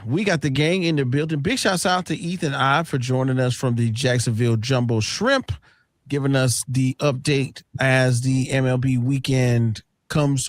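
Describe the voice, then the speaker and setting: A man hosting a sports radio show, talking in energetic slang and shouting out his guests. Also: mid-range voice, no echo, studio quality.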